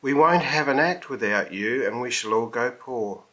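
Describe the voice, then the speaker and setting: A man voicing a meek, kind little boy from a circus in a storybook reading, speaking gently and politely. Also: mid-range voice, expressive, normal speed, close to an everyday voice, rough recording. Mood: pleading.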